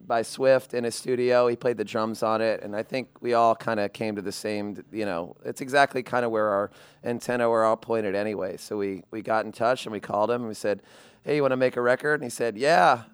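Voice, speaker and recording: A man who plays in a band, a guest in a radio studio, telling stories in a relaxed way and laughing often. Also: on the low side, brisk, smooth, dry recording. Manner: relaxed storyteller, quotes others, laughs often. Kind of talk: casual interview chat.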